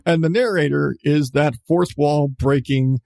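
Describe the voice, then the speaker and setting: A man's voice: on the high side, steady tone, unhurried, vocal fry, dark tone, dry recording, clean studio sound. A male podcast host in casual chat, enthusiastic about what he reviews, laughing often and restarting his sentences.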